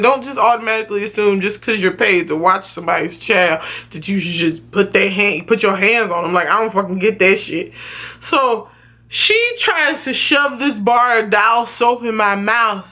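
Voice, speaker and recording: A woman vlogger telling a story from her childhood in a casual, profane, animated way. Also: mid-range voice.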